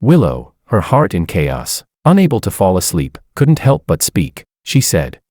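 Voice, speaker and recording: A man's voice: deep voice, huge pitch swings, unhurried, hardly any pauses, darkish tone, no room sound, studio quality. A man narrating a first-person romance story in a smug, amused tone.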